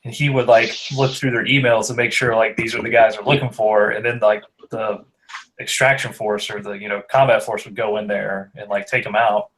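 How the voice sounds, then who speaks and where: A man's voice: fairly low pitch, little pitch movement, brisk, a bit bright, poor audio. A man telling a long story in a rambling casual chat, often saying "like". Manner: rambling, heavy on "like".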